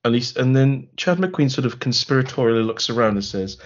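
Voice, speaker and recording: A man's voice: medium pitch, lively intonation, fairly quick, few pauses, dull audio. A man co-hosting a podcast, recapping a film in a wry, rambling, sarcastic way. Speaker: podcast co-host. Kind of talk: casual film review chat.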